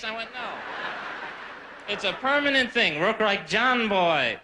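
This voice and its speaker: A man's voice: sits high, animated, normal speed. A man doing a rambling, self-deprecating stand-up comedy set on a live stage, full of asides. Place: live stage before a laughing audience. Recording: noisy live recording.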